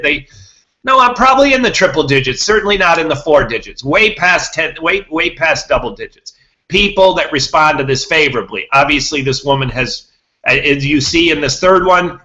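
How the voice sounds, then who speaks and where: A man's voice: a little high, bright, forceful tone, low-quality recording. A man hosting a podcast, talking to his listeners in a rambling monologue, repeating himself and restarting words. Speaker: podcast host.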